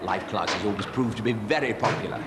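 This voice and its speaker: A man's voice: fairly low pitch, a little fast, very noisy, close to an everyday voice. An actor playing a genteel, fussy male art tutor in a TV soap drama, with polite, formal speech. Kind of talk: soap opera acting.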